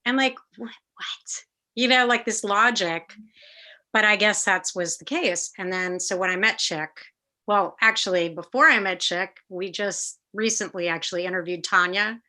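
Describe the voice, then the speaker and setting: Bright, animated middle-aged woman storyteller. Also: mid-range voice, normal speed. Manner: animated, acts out quoted voices, swears casually. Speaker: guest musician. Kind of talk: casual interview storytelling. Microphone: video call.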